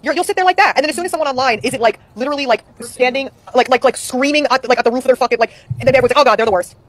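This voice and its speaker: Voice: high voice, very fast, fairly bright tone. A streamer in casual chat, rambling and swearing a lot.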